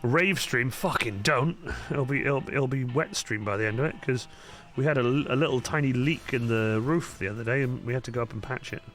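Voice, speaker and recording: A man's voice: mid-range voice, a little fast, a bit bright. A young man chatting casually on a livestream while he paints, swearing constantly and muttering asides as he works. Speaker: cosplay livestreamer. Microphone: studio microphone. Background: faint background music.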